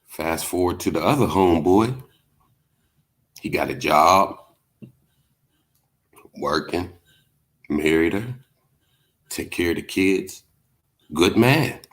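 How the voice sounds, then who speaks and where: A man's voice: sits low, expressive, slow, long pauses. A man hosting a livestream, chatting casually, telling stories and reading comments, laid-back and profane with lots of filler words. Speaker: livestream host.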